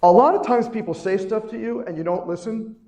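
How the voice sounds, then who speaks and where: A middle-aged man delivers an inspirational conference speech with a fairly high voice. He hammers home key lines by repeating them and keeps asking his listeners questions. The sound rings around a roomy hall. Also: brisk, mellow. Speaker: chiropractor giving a keynote talk. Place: conference hall, live before an audience.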